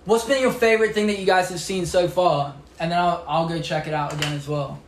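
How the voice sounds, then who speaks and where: Young British male streamer, high-pitched and upbeat, echoey room, faint room noise. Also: steady tone, a little fast. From England. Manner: chatty, upbeat, reads out and answers viewer comments. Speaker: livestream host. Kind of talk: casual live-stream product showcase.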